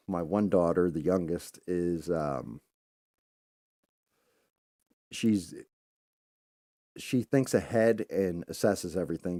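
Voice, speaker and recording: A middle-aged man hosting a talk show, telling a story casually, swearing freely and acting out his own loud outbursts. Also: low voice, no room sound, studio quality. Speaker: podcast host.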